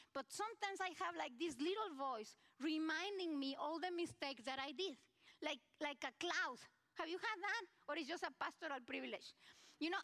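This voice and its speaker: A woman pastor with a Mexican accent preaches to her congregation in a chatty, personal way. Her voice sits high. She speaks in a church. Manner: warm, conversational preaching with asides to the congregation. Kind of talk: sermon. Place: church sanctuary.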